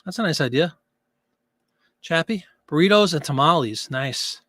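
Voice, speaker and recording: A man's voice: fairly high pitch, animated, a little slow, a bit bright, no room sound, studio quality. A man hosting a casual live stream, chatting loosely as he reads out viewer comments and answers them. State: out of breath.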